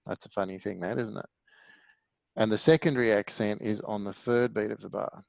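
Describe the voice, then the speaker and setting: A man's voice: lowish voice, fairly even intonation, brisk, gravelly, a little mellow, no room sound, low-quality recording. Patient male music teacher, middle-aged, dry close mic. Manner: patient, explanatory, asks the class questions. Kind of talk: online music theory lesson.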